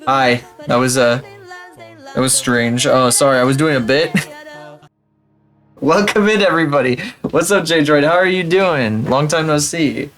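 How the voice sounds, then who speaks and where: A man's voice: fairly high pitch, a little slow, fairly bright tone, soft background music. A young man live-streaming, chatting casually in a rambling, profane, self-mocking way.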